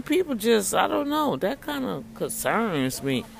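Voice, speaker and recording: Animated preachy woman vlogging. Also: mid-range voice, unhurried, creaky, hardly any pauses, slight background noise. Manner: animated, preachy, talks straight to viewers; snacking while talking. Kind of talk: casual testimony vlog.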